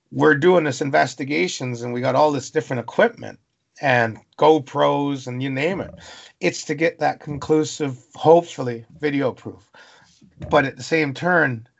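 Gravelly man telling forest stories. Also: a little high, a little slow, highs cut off. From Canada. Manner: animated storyteller, piles up long lists. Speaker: podcast guest. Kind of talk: storytelling interview.

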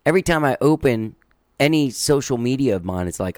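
A male podcast host talks in a loose, rambling monologue, drifting into a laid-back drawl and restarting his sentences. His mid-pitched voice sits close to the mic in a dry, dead room with no echo. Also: lively intonation, brisk, a little mellow. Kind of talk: casual monologue introducing a guest.

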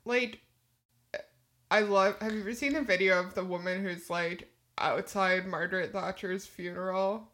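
Young woman podcast co-host, loose and animated, curses freely, laughs a lot. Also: mid-range voice, moderate pace. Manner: animated, swearing, laughs often. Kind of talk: casual chat.

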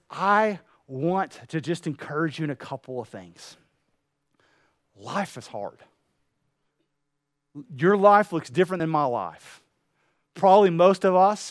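A man preaching a sermon to a room, telling a parable with lively acted-out voices. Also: a little high, no room sound, clean studio sound. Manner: animated storytelling, acting out voices. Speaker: pastor. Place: room with an audience.

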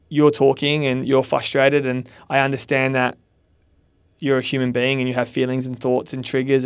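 A man's voice: mid-range voice, smooth, no room sound. A man on a podcast giving candid, earnest advice, swearing now and then and acting out quoted lines. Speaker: podcast guest, mentor. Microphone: studio mic.

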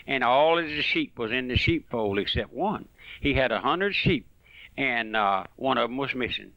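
A man's voice: mid-range voice, lively intonation, normal speed, dry recording, dull audio. A man preaching a folksy, fervent radio sermon that rises and falls.

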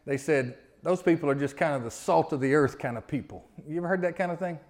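A man delivers a sermon in a friendly, conversational way, his voice sitting a little high. He reads scripture slowly and leads the congregation in repeating phrases back to him. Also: darkish tone. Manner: conversational preaching, leads call-and-response; slows down when reading scripture. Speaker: pastor.

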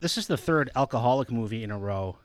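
A man co-hosting a podcast, chatting casually about a horror movie, relaxed and rambling. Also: mid-range voice, quick pace, no echo, studio quality. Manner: relaxed, rambling, laughs often. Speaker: podcast co-host. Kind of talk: casual movie review chat.

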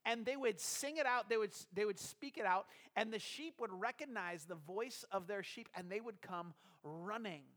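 A man's voice: high-pitched, normal speed, a bit bright. A man preaching a conversational sermon as a pastor, explaining a scripture passage and putting rhetorical questions to his congregation.

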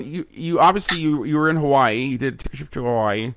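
A man's voice: medium pitch, animated, brisk, creaky, no room sound. A man hosting a podcast in an upbeat, chatty way, with frequent fillers. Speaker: podcast host. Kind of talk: casual podcast chat. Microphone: remote recording setup.

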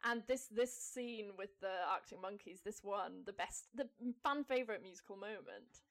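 A woman's voice: mid-range voice, moderate pace, fairly bright tone. A woman guest on a casual fan podcast, talking with enthusiasm and laughing often.

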